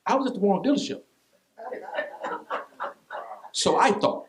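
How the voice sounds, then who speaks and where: A man preaching a sermon as pastor, telling a personal story in an animated, repetitive way with vernacular asides. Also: high-pitched, measured pace.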